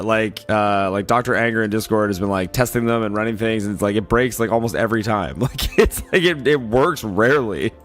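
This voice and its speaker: Raspy just-woke-up man chatting. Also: lowish voice. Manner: loose and rambling, many "like" fillers, greets chat by name. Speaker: streamer. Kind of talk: casual livestream chat.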